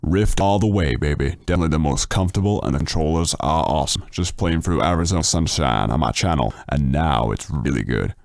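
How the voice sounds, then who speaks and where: A man streaming casually through a deep voice changer, reading chat comments aloud with crude jokes. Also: fast, creaky, hardly any pauses, no room sound, studio quality.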